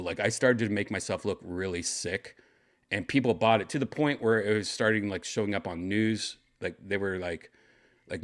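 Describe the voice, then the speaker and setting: A man hosting a show, telling a rambling, laid-back story full of restarts. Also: on the low side. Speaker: podcast host. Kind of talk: casual storytelling.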